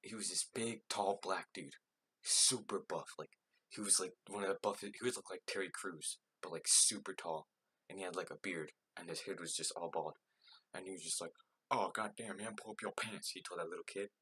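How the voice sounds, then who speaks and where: Low, bright, husky young man rambling. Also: fairly even intonation, brisk. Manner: rambling, filler-heavy, self-mocking. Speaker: vlogger. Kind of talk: casual storytelling.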